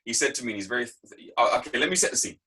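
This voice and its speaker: A guest speaker from England races through a motivational talk on a video call, telling emphatic, repetitive stories about his working life. His medium-pitched voice is expressive, sharp and husky, and the recording is rough.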